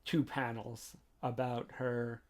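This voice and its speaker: A man's voice: medium pitch, level tone, slow. A man hosting a podcast, giving a chatty, rambling recap of a manga chapter and adding his own commentary. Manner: chatty, rambling, with frequent "like" and "you know".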